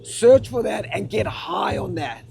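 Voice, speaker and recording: A man's voice: high-pitched, expressive, unhurried, creaky, darkish tone, slight background noise. A man giving a casual, slangy motivational talk to a live festival audience. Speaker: motivational speaker.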